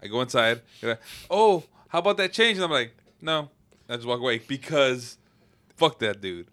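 A man's voice: medium pitch, normal speed. A man in casual podcast chat, telling profane stories and acting out the people in them. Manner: profane, animated storyteller who acts out dialogue.

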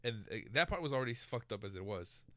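A man hosting a podcast in casual chat, talking with animated energy, swearing freely and stumbling over restarts. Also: mid-range voice, quick pace, no room sound. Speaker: podcast host.

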